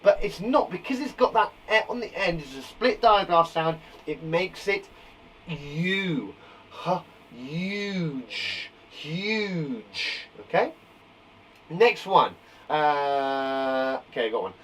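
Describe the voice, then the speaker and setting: A man teaching a live phonics lesson to young children from a garden shed, upbeat and encouraging, sounding out words slowly. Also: a little high, fairly bright tone, far from the mic, a little hiss or hum, low-quality recording. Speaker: primary school teacher.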